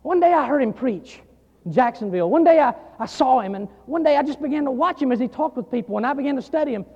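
A pastor delivers a sermon from the pulpit, his voice sitting unusually high. He repeats phrases with rising force, storytelling between bursts of emphasis. The recording is dull and muffled, with a long church reverb trailing every line. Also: expressive, fast. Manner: emphatic preaching, repeating phrases, swelling louder on key lines. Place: church sanctuary.

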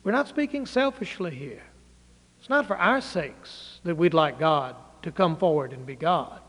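A man preaching a sermon, dramatically swinging between loud declaiming and hushed low phrases. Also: animated, unhurried. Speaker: pastor. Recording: reverberant hall.

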